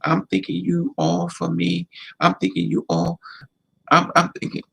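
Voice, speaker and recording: A man's voice: high voice, level tone, a little slow, creaky, a bit bright, husky, rough recording. A man giving emphatic, repetitive life advice in a casual monologue to camera, sounding like a vlogger.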